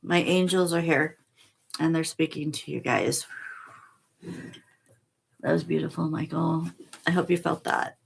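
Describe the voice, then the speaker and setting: Slow, gravelly-voiced woman host. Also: low voice, fairly even intonation, a little hiss or hum. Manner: slow, soft and emotional, reads aloud with pauses. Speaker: channel host reading oracle cards. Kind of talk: casual spiritual vlog.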